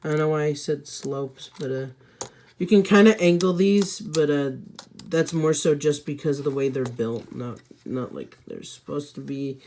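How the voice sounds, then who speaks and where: A woman's voice: low voice, normal speed, mellow, a little hiss or hum. A woman giving a casual, rambling toy set review, hesitant with many fillers and restarts, tossing in offhand self-mocking asides.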